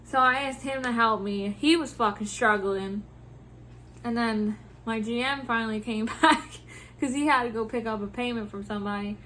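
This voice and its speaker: A woman vlogger venting about her workday in animated, profane casual talk, laughing often. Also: a little high, normal speed, slight background noise. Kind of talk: casual venting about work over a drink.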